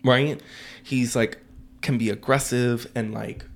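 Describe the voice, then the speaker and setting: A podcast co-host speaking at a medium pitch, playful and teasing. They defend their picks with easy, rambling conviction. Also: fairly even intonation, slow pace, gravelly. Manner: playful, argues for picks, fillers like "like". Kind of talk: casual chat.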